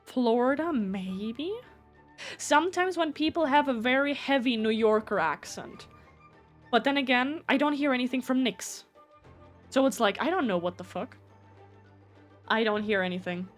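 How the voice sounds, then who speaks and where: A woman speaking with a German accent chats her way through a live game stream. Her voice sits slightly high, and she rambles off on tangents and swears freely. Faint game music plays in the background. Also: lively intonation, normal speed, pauses often. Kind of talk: casual live gameplay chat.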